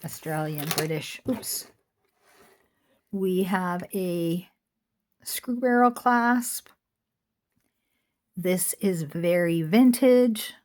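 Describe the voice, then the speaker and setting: A woman's voice: on the low side, extremely slow, pauses often, a little mellow. A middle-aged woman chatting casually as she shows jewelry for sale at home, rambling off into asides. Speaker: online jewelry seller. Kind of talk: casual chat while showing jewelry. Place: home room with a squeaky chair.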